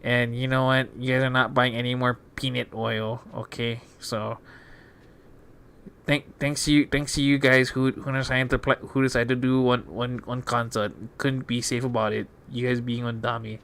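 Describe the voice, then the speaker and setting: A man's voice: mid-range voice, flat delivery, normal speed, creaky, a bit bright, slight background noise. Stammering man with lilt. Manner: stammering, repeats words often. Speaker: podcast host. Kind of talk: casual chat.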